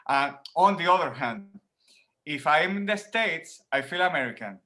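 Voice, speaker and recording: A man from Rico, a professor answering interview questions in an animated way, laughing often and repeating words as he thinks, talking from home. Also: fairly high pitch, normal speed. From Puerto Rico. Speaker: professor guest.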